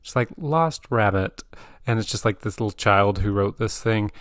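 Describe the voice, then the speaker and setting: Male comics reviewer, casual, explanatory, low voice, dry close recording. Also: moderate pace, dry recording. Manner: explanatory, recapping the story with fillers. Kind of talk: casual chat.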